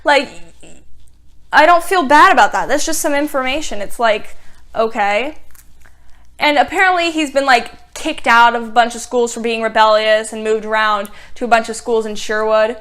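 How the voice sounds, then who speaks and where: A woman's voice: a little high, normal speed, fairly bright tone. Sarcastic young woman reviewing a show. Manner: sarcastic, exasperated recapping with many "like"s. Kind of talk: casual TV review.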